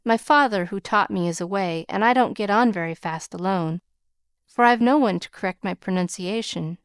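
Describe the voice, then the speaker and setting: Woman narrator as a shy young governess; soft, smooth, dry studio sound. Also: mid-range voice, moderate pace, dry recording, lightly acted. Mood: bashful. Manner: bashful, soft.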